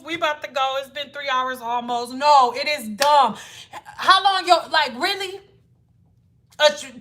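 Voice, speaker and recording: A woman's voice: sits high, bright, forceful tone. A woman hair care educator talking to viewers on a casual livestream, blunt and exasperated, with a lot of swearing. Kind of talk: casual livestream lesson and rant.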